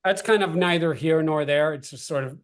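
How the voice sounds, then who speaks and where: A man's voice: on the high side, a little fast. A man, a startup co-founder, talking loosely in an interview with many fillers and slang. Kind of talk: casual interview chat.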